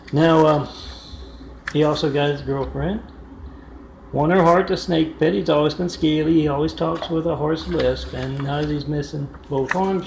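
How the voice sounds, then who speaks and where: Male vlogger, raspy-edged voice, meandering casual storytelling into a phone, roomy and noisy recording. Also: fairly high pitch, a little mellow. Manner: meandering, wry asides, frequent fillers. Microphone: phone front camera. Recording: echoey room with background noise.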